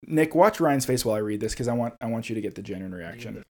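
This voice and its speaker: A man co-hosting a casual podcast about a video game, who gets excited in conversation and reads a passage aloud in a measured storytelling voice. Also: medium pitch. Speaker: podcast co-host.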